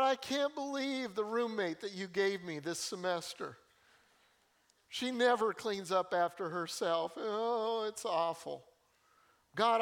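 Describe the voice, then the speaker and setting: A man's voice: sits high, a bit bright, pitched above the performer's own voice. A man mocking a whiny complaining believer. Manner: mock-whining, complaining. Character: self-pitying whiny churchgoer complaining to God.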